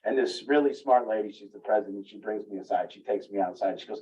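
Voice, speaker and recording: A man's voice: fairly low pitch, fast talker, few pauses. Guy rambling thru a story at a support group, laughs at himself, far off mic, muffled. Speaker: group speaker. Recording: muffled, distant room recording.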